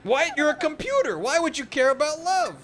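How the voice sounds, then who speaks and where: A man voicing a feisty young princess in a raised falsetto. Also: very animated, normal speed, fairly bright tone. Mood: indignant.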